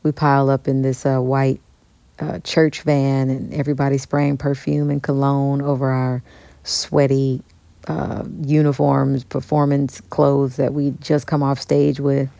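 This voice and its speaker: A woman guest telling an animated story in an interview, acting out the dialogue she quotes. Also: very deep voice, a little slow, creaky, no room sound. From United States. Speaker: guest musician.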